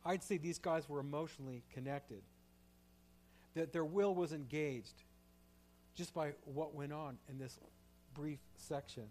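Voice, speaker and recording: Male pastor, slightly higher voice, preaching with fervent swings from hushed to loud. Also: a little slow, pauses often, slight background noise. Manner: shifts from quiet reflective to loud impassioned pleading. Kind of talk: sermon.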